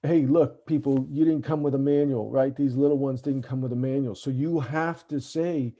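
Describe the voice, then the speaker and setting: A man's voice: mid-range voice, fairly even intonation, moderate pace, mellow. A middle-aged man speaking earnestly to parents in an online talk, often checking in with "right?". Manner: earnest, tags sentences with "right?". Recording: dull lo-fi online call audio.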